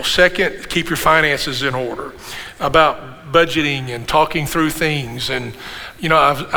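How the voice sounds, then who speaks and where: Bright-voiced pastor in a reverberant hall. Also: male voice, fairly high pitch. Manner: conversational, jokey, checks in with the crowd. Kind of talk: sermon. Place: church hall. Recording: long hall reverb, faint room noise.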